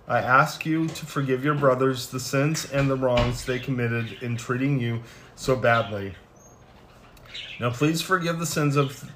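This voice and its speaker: A man's voice: mid-range voice, a bit bright, a little hiss or hum. Man reading scripture aloud. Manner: plain unhurried reading with small stumbles and restarts. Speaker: scripture reader. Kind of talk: reading scripture aloud, then closing prayer.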